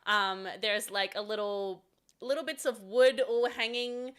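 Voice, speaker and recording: A woman's voice: mid-range voice, flat delivery, a little slow, fairly bright tone, clean tone. A woman narrating as dungeon master in a tabletop game, chatty and laughing often. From studied at a university.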